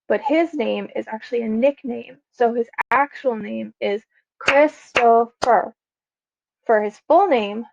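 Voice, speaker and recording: Gravelly teacher woman, slightly high voice. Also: a little mellow, muffled recording, a little hiss or hum. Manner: slow, patient, sounding out words. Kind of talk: classroom lesson video.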